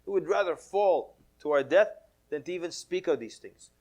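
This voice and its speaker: A man's voice: a little high, expressive, moderate pace, darkish tone. A man giving a casual sermon to a mosque audience, telling stories with humor, acting out quoted voices and mixing in Arabic religious phrases. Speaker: Islamic preacher.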